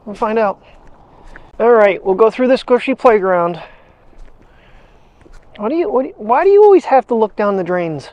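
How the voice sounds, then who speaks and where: A man's voice: high voice, big pitch swings, moderate pace, long pauses, a little mellow, no echo, muffled recording. A man vlogging casually outdoors while walking his dog, rambling, chuckling and talking to the dog as he goes, on a clip-on mic. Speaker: daily vlogger. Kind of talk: casual chat. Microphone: wireless clip-on mic.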